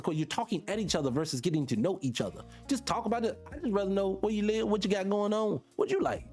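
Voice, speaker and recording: A man's voice: a little high, darkish tone. Blunt, slangy man lecturing listeners. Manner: blunt, preachy, slangy, addresses listeners directly. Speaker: podcast host. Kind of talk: casual commentary monologue.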